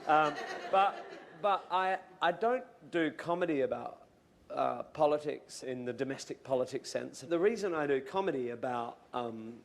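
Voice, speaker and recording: Thoughtful hesitant comedian, steady voice. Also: male voice, fairly high pitch, moderate pace, vocal fry. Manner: thoughtful, hesitant restarts, swears casually. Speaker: comedian panelist. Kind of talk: casual panel chat.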